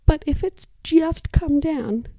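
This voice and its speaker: A woman occupational therapist hosting an educational podcast, speaking in a calm, measured way into a microphone, her phrases often trailing off into breathy whispers. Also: high voice, no room sound.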